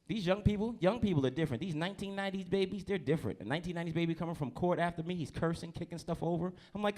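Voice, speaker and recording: A man's voice: high-pitched, rapid-fire, few pauses, darkish tone. A man from New Jersey doing a stand-up comedy set on a club stage, talking loosely and teasing the audience. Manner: loose, conversational, teases the crowd.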